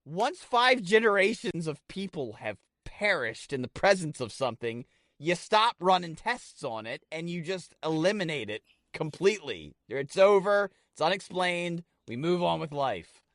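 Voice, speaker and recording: A podcast co-host, a man with a fairly high voice, chats casually and rambles through stories, swearing freely and getting excitable. He talks at a normal speed, and the recording is studio quality with no echo.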